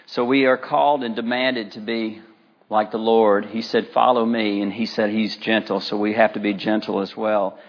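A middle-aged man preaching a sermon as pastor, talking in a relaxed, anecdotal way with many fillers. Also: lowish voice, normal speed, dull audio. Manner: conversational, anecdotal, with frequent fillers.

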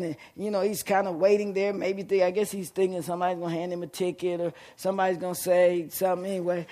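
A middle-aged man preaching a sermon, telling a story and calling out to the congregation, rising to shouts at the peaks. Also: high-pitched. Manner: fervent call-and-response preaching, shouting at peaks.

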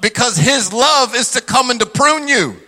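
A pastor preaches at a normal speed with a bright, ringing voice pitched high for a man. He powers the sermon with animated energy, slipping into mocking impressions of skeptics, while a long reverb suggests a large church hall.

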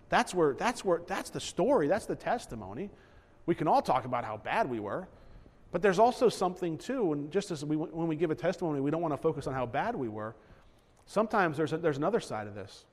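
A man's voice: fairly high pitch, very animated, brisk, darkish tone. A man preaching a sermon as pastor, earnest, often repeating words as he builds a point. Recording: echoey hall reverb.

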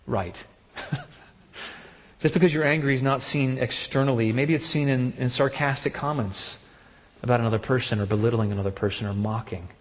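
Emphatic male preacher in a reverberant hall. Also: normal speed. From partly German heritage. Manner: emphatic preaching, jumps up in pitch when mimicking excuses. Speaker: pastor. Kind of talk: sermon.

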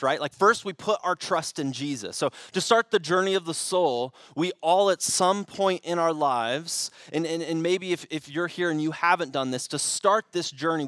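A young man gives a sermon in a loose, conversational manner, stumbling and restarting his phrases as he goes. His voice sits a little high for a man. The sound is dry and close, with almost no room echo. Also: a bit bright. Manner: conversational with frequent restarts and fillers. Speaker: pastor.

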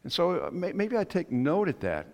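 A man's voice: on the high side, wildly swooping pitch, normal speed, gravelly, darkish tone. A man preaching a sermon as pastor, telling a story in a conversational, musing way. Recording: long reverb of a church hall.

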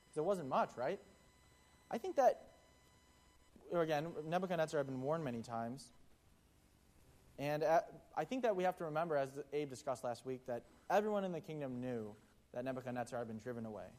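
A young preacher delivers a casual, conversational sermon, performing the voices of the characters in the parable he's telling. His voice is fairly high-pitched with a darkish tone.

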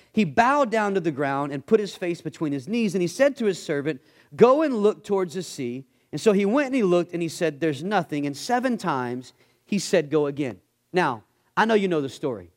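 A man preaching a sermon as a guest pastor, acting out characters in lowered voices. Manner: animated, acts out bible characters in dropped voices.

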